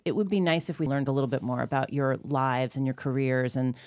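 A woman hosting an interview show, chatty and inquisitive, firing off quick questions. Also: very deep voice, steady tone, a little mellow, no room sound. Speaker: podcast host. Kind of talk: casual interview chat.

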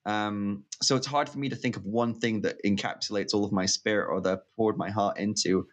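A man co-hosting a casual movie podcast, speaking in a thoughtful, wry, measured way. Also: lowish voice, steady tone. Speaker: podcast co-host.

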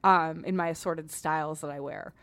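A woman's voice: sits low, fairly even intonation, moderate pace, a bit bright, dry recording. A woman hosting a podcast in a frank, joking, chatty way, often restarting her sentences. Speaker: podcast host, cleaning advice columnist. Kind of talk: casual podcast chat.

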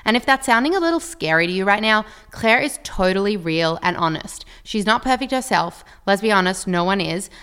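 A young woman co-hosting a podcast, bubbly and enthusiastic with a quick delivery. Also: medium pitch, animated, fairly bright tone, smooth. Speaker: co-host. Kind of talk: podcast interview.

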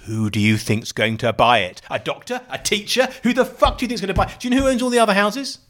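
A man in casual podcast conversation, talking in excited bursts that break off and restart. His pitch swoops widely, and his delivery is scattered and animated. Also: quick pace. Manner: animated, rambling, self-interrupting. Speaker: podcast co-host and columnist. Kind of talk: casual chat.

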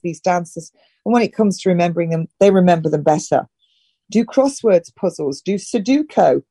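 A middle-aged woman from northern England talks as an interview guest, handing out brisk, direct instructions. Her voice is warm and mellow. It is recorded close and dry. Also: mid-range voice, no room sound. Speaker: health and wellness guest. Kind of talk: casual advice-giving interview talk.

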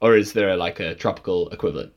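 A man's voice: low voice, highs cut off. A young man co-hosting a podcast in casual chat, joking and laughing often. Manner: jokey, laughs often, quick asides. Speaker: podcast co-host.

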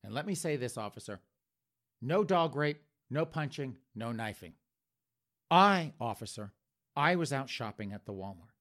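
A sleazy, defensive man, as a comedian puts him on, rattles off flustered, indignant excuses. His voice jumps about in pitch with a lively lilt. It carries a bright, pushy edge. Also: normal speed, natural voice.

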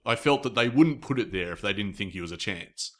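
Aussie male podcast co-host, animated pitch, excitable and giggly. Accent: Australian. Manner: excitable and quick to laugh. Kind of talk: casual chat.

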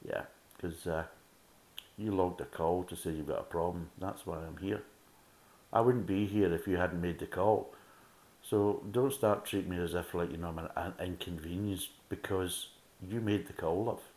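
A man's voice: low voice, moderate pace, a little mellow, echoey room. A Scottish man giving a casual beer review, ranting bluntly and swearing a lot. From Scotland.

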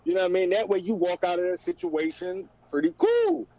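A middle-aged man, talking in a relaxed casual chat and repeating "you know what I mean". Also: sits high, brisk, gravelly. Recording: dry, dull lo-fi sound.

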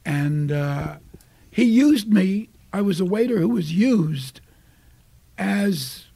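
Raspy high-voiced older man telling stories. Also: slow, no room sound. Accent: New York. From Brooklyn, United States. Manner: animated storyteller acting out voices. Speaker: guest. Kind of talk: casual interview storytelling.

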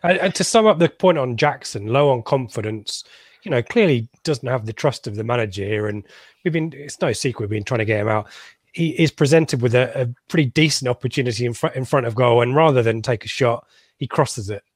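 A man breaking down a football match in loose radio chat. His delivery is dry and sarcastic, with frequent pauses and restarts. He is recorded in a dry, close sound. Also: medium pitch, dry recording. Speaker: football fan pundit.

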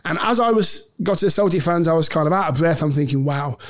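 A middle-aged man tells a story as a podcast guest, with a fairly high, lively voice. He acts out the voices of the people in his story and laughs as he goes. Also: quick pace. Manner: animated storyteller, laughs often, acts out quotes. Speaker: podcast guest, former footballer. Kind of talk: storytelling anecdote in a podcast interview.

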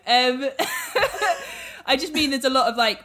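A woman co-hosting a relaxed show about songs, talking in a chatty way with lots of ums and some teasing. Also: sits high, slow pace. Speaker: podcast co-host. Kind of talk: casual chat about songs.

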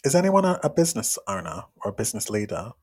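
A young man co-hosting a podcast in casual chat, teasing and exclaiming with sudden pitch jumps. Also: sing-song, fast, a little mellow, slight background noise. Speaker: podcast co-host.

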